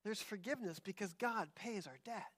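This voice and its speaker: A man preaching a sermon, animated and often acting out the voices of people he quotes. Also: high-pitched, moderate pace. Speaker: pastor.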